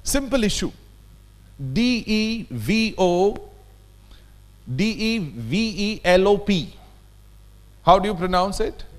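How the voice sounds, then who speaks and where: A man's voice: sits high, lively intonation, slow, pauses often. A man with an Indian English accent leading a workshop, talking emphatically and often checking in with his audience. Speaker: workshop trainer. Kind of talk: lecture workshop. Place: conference hall.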